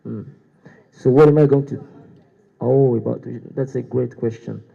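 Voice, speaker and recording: Hesitant young man with a dark voice. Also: mid-range voice, fairly even intonation, normal speed, creaky, husky. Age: young adult. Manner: hesitant, many fillers and restarts. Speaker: student guild candidate. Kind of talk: debate answer. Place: university hall. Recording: dull echoey hall sound.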